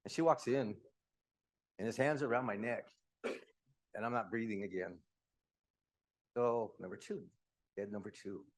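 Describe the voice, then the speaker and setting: A man in his fifties from Utah, candidly telling his own life story to a room, with quick asides. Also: lowish voice, fairly even intonation. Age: 50s. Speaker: speaker. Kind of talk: personal story talk.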